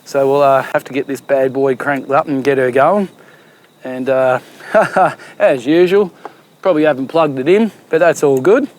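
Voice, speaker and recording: A man's voice: mid-range voice, moderate pace, a little mellow. A young Australian man hosting his own cooking show, chatting casually and cheekily with plenty of slang while he cooks. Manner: blokey and cheeky, full of slang. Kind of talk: casual cooking vlog chat.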